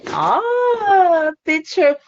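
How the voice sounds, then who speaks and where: A woman's voice: very high voice, wildly swooping pitch, extremely slow, dull audio. A woman teaching an online phonics lesson to a child, cheerful and encouraging, laughing often.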